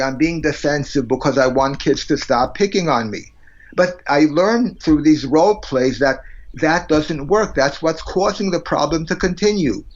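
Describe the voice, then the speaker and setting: A man's voice: a little high, muffled recording. A man being interviewed as a psychologist on a podcast, speaking bluntly and emphatically and arguing through plain everyday examples. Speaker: psychologist guest.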